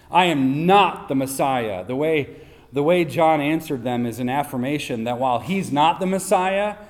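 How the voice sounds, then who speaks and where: Man, pastor, sermon, emphatic rhetorical questions, mid-pitched voice, reverberant church hall. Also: a little mellow.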